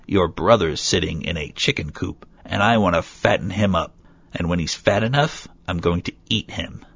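A man's voice: deep voice, moderate pace, creaky, fairly bright tone, breathy edge, no echo, full character voice. A man reading as a cruel old witch. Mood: scolding. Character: wicked old female witch, cruel and bossy. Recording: dull lo-fi recording.

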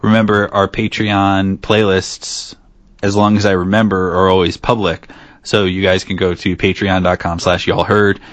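A man's voice: low-pitched, flat delivery, normal speed, dry recording. A man co-hosting a podcast, chatting casually and joking as he rambles. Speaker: podcast co-host.

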